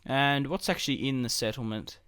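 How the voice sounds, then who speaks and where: A man's voice: medium pitch, a little fast, a bit bright, clean tone, no echo, studio quality. A man casually commenting on his strategy game as he plays, thinking aloud about his moves. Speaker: gaming YouTuber.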